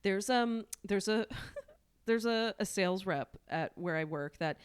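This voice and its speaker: A woman co-hosting a casual book podcast, chatty and quick to laugh, often restarting her sentences. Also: medium pitch, clean tone. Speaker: podcast co-host.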